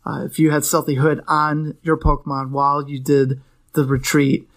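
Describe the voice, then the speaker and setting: A man's voice: on the high side, level tone, normal speed. A young adult man co-hosting a casual podcast, talking in a rambling, playful way and correcting himself often. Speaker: podcast co-host. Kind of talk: casual chat about trading cards.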